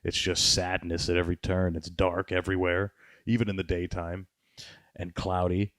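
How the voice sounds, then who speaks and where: A man's voice: low voice, completely flat delivery, normal speed, fairly bright tone, no echo, clean studio sound. A man hosting a podcast, chatting in a rambling, sarcastic way and swearing often. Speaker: podcast host. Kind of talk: casual podcast chat.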